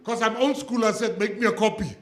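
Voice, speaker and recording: A man's voice: high voice, a little fast, very noisy. A South African man, a government minister, giving a humorous speech and telling jokey stories to a laughing audience. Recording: echoey hall with audience laughter.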